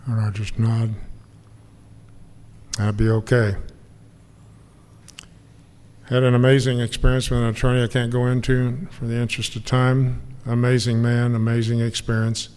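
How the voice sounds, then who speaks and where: A man's voice: medium pitch, flat delivery, moderate pace, long pauses, a little mellow, smooth. Older man, earnest testimony in hall. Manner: earnest, emotional, reflective. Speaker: speaker sharing recovery story. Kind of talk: personal testimony to an audience. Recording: long hall reverb, faint noise.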